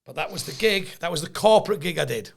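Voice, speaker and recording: A man's voice: fairly high pitch, quick pace, creaky. A man telling comic stories on a podcast, laughing often and doing voices for the people in them. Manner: animated anecdote-telling, laughs often, mimics voices in quotes. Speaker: podcast co-host, comedian. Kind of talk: casual storytelling chat.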